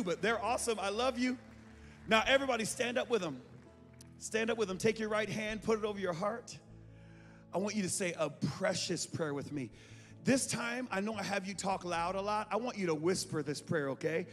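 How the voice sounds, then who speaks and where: A man preaching an altar call to a congregation, fervent and rising to shouts, recorded live in a church. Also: high voice, moderate pace. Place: large church sanctuary. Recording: live in a reverberant church with music.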